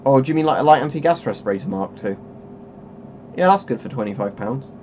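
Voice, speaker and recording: A man chats on his webcam stream in a rambling, chuckling way, often breaking off mid-thought. His voice sits at a middling pitch, with a faint low rumble underneath it. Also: animated, quick pace, a little mellow. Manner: rambling, chuckling, self-interrupting. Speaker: streamer host. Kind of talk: casual webcam stream chat.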